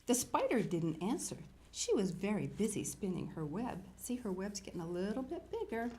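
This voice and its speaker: Older woman, kids' TV host; lively, sing-song storyteller talking to children, mid pitch. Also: normal speed, few pauses. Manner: animated, storytelling, talks to young viewers. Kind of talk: reading a picture book aloud to children.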